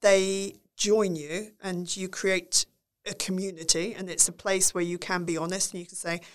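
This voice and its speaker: A woman's voice: on the low side, normal speed. A woman guest in a podcast interview, talking animatedly and acting out the lines of people she describes. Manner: animated, acts out quotes in varied voices. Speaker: guest, former reality TV producer and speaker. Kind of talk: casual interview chat.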